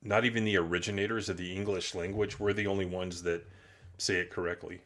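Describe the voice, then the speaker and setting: A man's voice: low-pitched, fairly even intonation, fairly quick, fairly bright tone. A man hosting a loose, opinionated live-stream chat, swearing casually. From United States. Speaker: podcast host.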